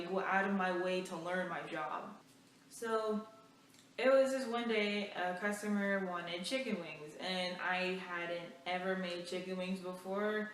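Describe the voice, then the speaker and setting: Young woman vlogger, casual storytime, chatty and animated, recorded at a distance in an echoey room. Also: medium pitch, a little hiss or hum. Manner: animated, chatty, full of fillers. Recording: echoey room, mic far off.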